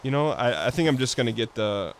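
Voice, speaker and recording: A man hosting a let's play, chatting casually in a relaxed, rambling way and laughing easily. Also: mid-range voice, fast talker, a little hiss or hum. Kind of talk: casual gaming chat.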